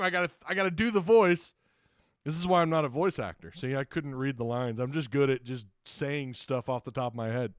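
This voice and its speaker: A man's voice: mid-range voice, fairly quick, clear, resonant tone, dry recording, clean studio sound. A man hosting a casual sports talk livestream, rambling and chuckling often, reading viewer comments and sponsor plugs. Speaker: sports talk show host.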